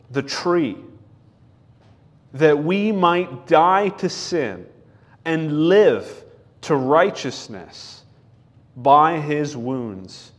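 A man preaching a sermon, reading scripture slowly and deliberately, asking questions and answering them himself. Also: medium pitch.

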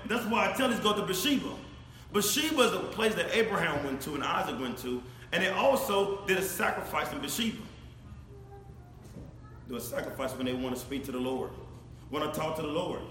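A man preaching a sermon, speaking straight to his congregation, swinging from shouted emphasis to low, quiet asides. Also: slight background noise. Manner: animated, addresses congregation directly, rises to shouts then drops low. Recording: echoey hall with faint ambience.

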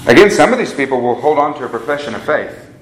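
A man's voice: mid-range voice, expressive, quick pace, slight background noise. A man preaching a sermon to a live group in an earnest way, repeating phrases for emphasis and calling his listeners guys. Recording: echoey room with faint ambience.

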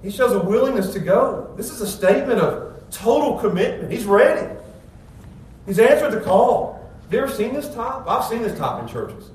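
A man preaching a sermon as a pastor, animated, swinging between loud excited passages and low calm ones. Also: moderate pace, slight background noise. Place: church. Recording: echoey room from far off.

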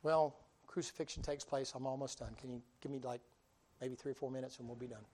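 A man preaching a storytelling sermon in a folksy, humorous way, swinging between loud and quiet delivery. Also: mid-range voice, steady tone, quick pace.

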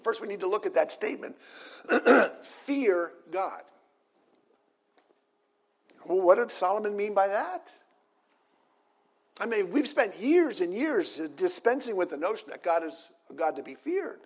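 A man's voice: high-pitched, big pitch swings, moderate pace, breathy edge. A man preaching a sermon, reading scripture passages aloud in an earnest manner.

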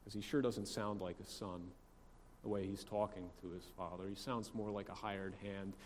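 A man preaching a sermon in a conversational way, asking rhetorical questions and swinging between soft asides and loud emphasis. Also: on the low side, steady tone, measured pace, big-room sound. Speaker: pastor.

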